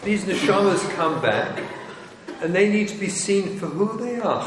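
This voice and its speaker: A man's voice: sits high, lively intonation, normal speed. A man, a rabbi, lecturing parents in an emphatic, wry, teasing way. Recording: echoey hall with faint noise.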